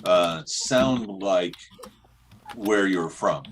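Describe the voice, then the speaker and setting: A man on a video call, speaking haltingly in short, simple sentences. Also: low voice, slight background noise. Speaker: call participant.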